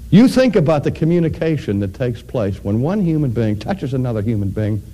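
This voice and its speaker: A man preaching a sermon, addressing his congregation directly and building to loud, emphatic climaxes. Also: medium pitch, very animated, brisk. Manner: addresses audience directly with questions.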